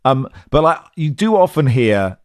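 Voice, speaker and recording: A man's voice: mid-range voice, sing-song, unhurried, a little mellow, dry recording, clean studio sound. Chatty male podcast host. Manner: chatty, lightly joking. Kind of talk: casual podcast chat.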